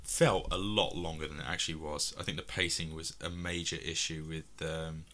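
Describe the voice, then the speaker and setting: A man's voice: a bass voice, fairly even intonation, moderate pace, sharp tone, slight background noise. A man from England chatting casually about films, rambling with many restarts and frequent laughs. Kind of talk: casual film discussion.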